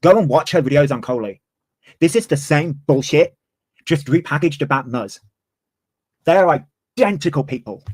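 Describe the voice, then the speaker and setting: A man's voice: on the high side, animated, moderate pace, pauses often, a little mellow, slightly rough, dry recording. A man in his twenties, ranting heatedly on a livestream and swearing freely. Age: 20s. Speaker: streamer. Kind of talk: livestream commentary.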